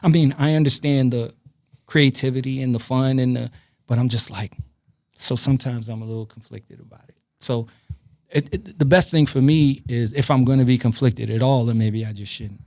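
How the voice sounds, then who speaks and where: A man's voice: medium pitch, normal speed, no echo, studio quality. A man from Brooklyn, a guest DJ and producer, telling anecdotes on a casual podcast and acting out other people's lines with plenty of swearing. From Brooklyn, New York. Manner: animated anecdote-telling, acting out quoted dialogue, frequent profanity.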